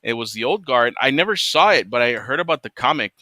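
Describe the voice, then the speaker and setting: A man's voice: mid-range voice, lively intonation, fast talker, pushed and bright, dry recording. A man hosting a casual chat, ranting with lots of swearing and laughing often. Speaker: podcast host.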